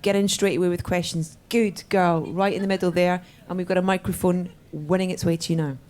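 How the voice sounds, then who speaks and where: A woman's voice: on the low side, fairly even intonation, fairly quick, a little mellow. Woman hosting an audience Q&A. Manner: upbeat, directing the audience. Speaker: event host. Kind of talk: moderating a Q&A.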